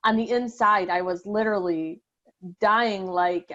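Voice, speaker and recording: A woman being interviewed on a podcast, speaking haltingly with many restarts and nervous laughs. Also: medium pitch, steady tone, fairly bright tone, dull audio. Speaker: guest sharing her exam success story.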